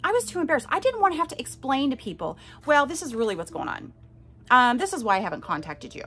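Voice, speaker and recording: Speaking fast in a high, sing-song, slightly bright voice, this woman hosts a podcast and gives personal testimony. Her delivery is frank and forceful, and she addresses listeners directly with frequent "okay?" check-ins.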